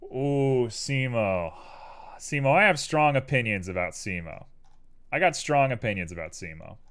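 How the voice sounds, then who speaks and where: Guy streaming while he works, chatty and goofy, slow easy pace, voice swoops up and down a lot. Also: medium pitch, lively intonation, fairly bright tone. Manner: playful, talks to himself and his chat. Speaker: livestreamer and 3D artist. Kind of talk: casual live-stream commentary while working.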